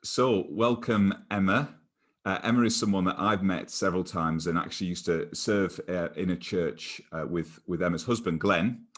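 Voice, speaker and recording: A man with a very low voice hosts an online church interview. He talks haltingly, with many ums and restarts. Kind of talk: interview hosting.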